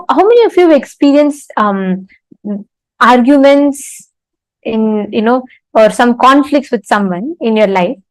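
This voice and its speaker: A woman's voice: fairly high pitch, darkish tone, dry recording, rough recording. A woman giving a spiritual talk to an online audience, telling a story with fillers and restarts. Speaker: spiritual teacher.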